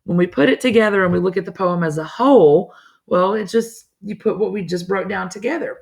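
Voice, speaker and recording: A woman's voice: mid-range voice, creaky, slightly rough. A woman teacher walking students through a poem in a recorded lesson, chatty and encouraging, talking to them directly.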